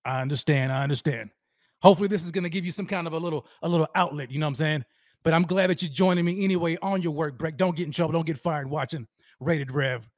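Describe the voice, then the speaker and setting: A man hosting a fan livestream, energetically shouting out viewers by name and talking about how fired up he is. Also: fairly high pitch, steady tone, quick pace, dry recording, studio quality. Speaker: host of a fan livestream show. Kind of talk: energetic live-stream roll call.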